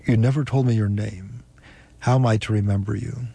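A man's voice: lowish voice, fairly even intonation, a little fast, vocal fry, dark tone, slightly rough, no echo. A man reading Ramon, a brooding vampire. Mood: grave. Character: centuries-old male vampire, grave and brooding. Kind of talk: audiobook reading.

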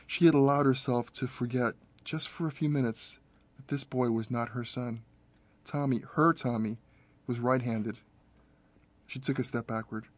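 Audiobook narrator: man, measured and steady, mid-range voice, close dry recording. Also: mid-range voice, no room sound.

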